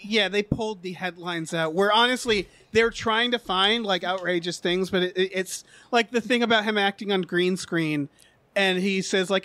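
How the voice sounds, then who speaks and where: A man's voice: sits high, normal speed, pushed and bright, no room sound. A man co-hosting a podcast, chatting casually about film trailers in a rambling, jokey way with some swearing. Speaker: podcast co-host.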